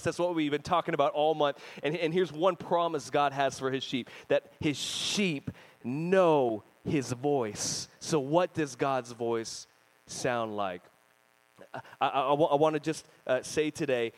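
Energetic young pastor, male, higher voice, preaching with storytelling flair. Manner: energetic storytelling preacher, lively swings in pitch and volume. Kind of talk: sermon.

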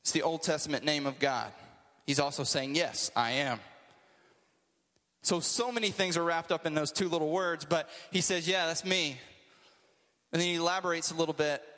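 A man's voice: on the high side, fast, fairly bright tone, big-room sound. A man preaching a casual, conversational sermon to a group, with joking asides.

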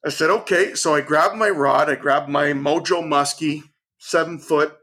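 A middle-aged man, a chef and angler, telling a story with energy and acting out what people said in lively bursts. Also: on the high side, moderate pace. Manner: acts out quotes in lively bursts. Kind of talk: animated storytelling.

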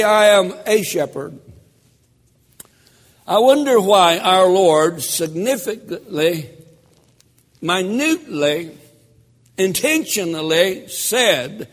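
Pastor guy preaching real slow, dramatic pauses, big echo in the church. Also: on the high side, lively intonation. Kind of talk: sermon. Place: church sanctuary. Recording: echoey church hall.

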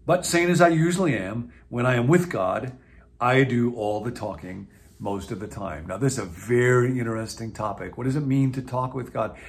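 A man in his sixties from the US Midwest, a pastor talking reflectively to camera in a video series with a conversational, musing manner and gentle asides. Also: medium pitch, normal speed. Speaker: pastor and teacher.

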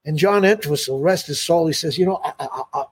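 An older man tells loose, rambling stories in an interview. His voice is husky and sits a little high, and he keeps circling back with "you know". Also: quick pace. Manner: rambling, full of "you know" and restarts, laughs often. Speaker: musician guest. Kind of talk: casual interview storytelling.

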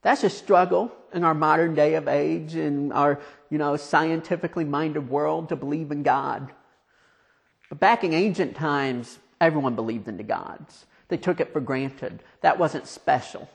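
A man preaching a conversational, storytelling sermon, asking his listeners questions and dropping quiet for emphasis. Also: a little high, vocal fry.

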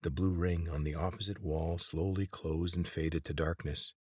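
Deep-voiced man narrating a story. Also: steady tone, normal speed, few pauses, a little mellow, slightly rough, no room sound, clean studio sound. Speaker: audiobook reader.

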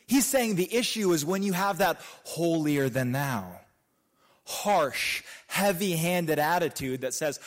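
A man preaching with a lively, swinging delivery. His voice sits a little high for a man, and he climbs to loud emphatic peaks before dropping into soft asides. It sounds like a pastor working through a sermon. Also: unhurried.

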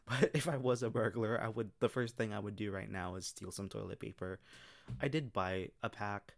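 Low-voiced man, chatty podcast reactions. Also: moderate pace, gravelly, no echo, studio quality. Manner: chatty, laughs often between comments. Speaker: podcast host. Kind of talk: casual reading and reacting.

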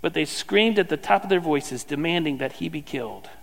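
A middle-aged man preaching a sermon, swinging from loud fervent questions to hushed, near-whispered lines. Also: a little high, animated, fairly quick, creaky, few pauses. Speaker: pastor. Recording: long hall reverb.

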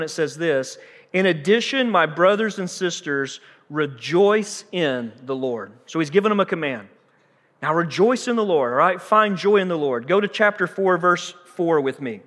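A man's voice: high-pitched, fairly bright tone, long reverb tail. A man preaching a sermon as pastor, emphatic and conversational, repeating words for stress and mixing in light humor.

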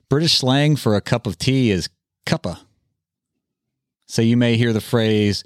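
A man's voice: mid-range voice, measured pace, long pauses, no echo, studio quality. A man hosting a casual podcast chat, rambling along and tossing in random facts. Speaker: podcast host. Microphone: studio mic with headphones.

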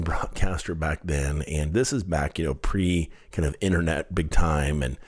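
A man with a low, husky voice tells a story from his past on his podcast. He speaks in an animated way, chuckling at his own mishaps as he goes. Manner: animated storyteller, laughs at himself. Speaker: podcast host. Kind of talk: storytelling monologue.

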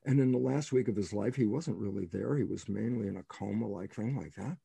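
A man telling stories as a guest in an interview, emphatic and animated, asking rhetorical questions and acting out the lines of people he quotes. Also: on the low side, fairly quick, gravelly, slightly rough, no room sound. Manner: animated, acts out quoted dialogue. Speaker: guest biologist. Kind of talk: storytelling in an interview.

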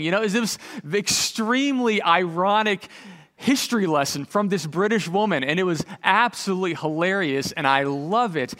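A pastor, preaching in an earnest, conversational way with frequent fillers. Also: male voice, sits high, moderate pace, fairly bright tone. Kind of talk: sermon.

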